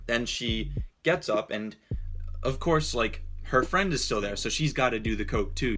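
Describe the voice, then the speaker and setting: A young man from Cape Cod telling a casual story-time tale, animated and full of "like", acting out what people said. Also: fairly low pitch, a little hiss or hum. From Cape Cod, Massachusetts. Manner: animated, quotes people in his story, heavy use of "like". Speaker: storyteller vlogger.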